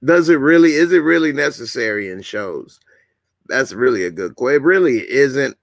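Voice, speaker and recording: A man's voice: medium pitch, lively intonation, moderate pace, gravelly, dry recording, clean studio sound. A man casually hosting a live stream, chatting with viewers, greeting commenters and laughing often. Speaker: YouTube host.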